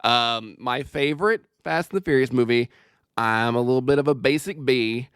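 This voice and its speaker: Smooth-voiced joking comedian, man, 30s. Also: mid-range voice, fairly bright tone, no room sound, clean studio sound. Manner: jokey, sweary, quick asides. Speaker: podcast guest, stand-up comedian. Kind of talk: casual podcast chat. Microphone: remote call microphone.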